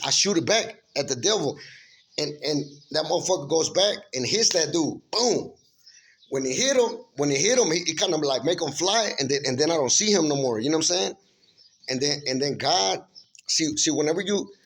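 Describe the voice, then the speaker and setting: A man's voice: fairly high pitch, fairly bright tone, a little hiss or hum. A man earnestly recounting a spiritual vision in casual, informal speech, full of restarts and repeated checks with the listener. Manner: earnest, rambling, many restarts and "you know what I'm saying"; emphatic, informal storytelling. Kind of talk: casual spoken testimony.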